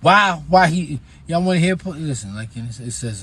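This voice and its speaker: A man's voice: on the high side, lively intonation, normal speed, hardly any pauses, a bit bright, slightly rough. A man from New York with a New York accent, an author chatting casually on a livestream about his books and reading a passage aloud, blunt and profane, with sudden emphatic bursts.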